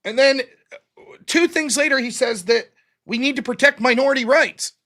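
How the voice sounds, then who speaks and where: A man's voice: very high voice, normal speed. A man hosting a show, recapping his own debate in a casual, mocking way, often quoting his opponent. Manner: animated, mocking, quotes opponents in put-on voices.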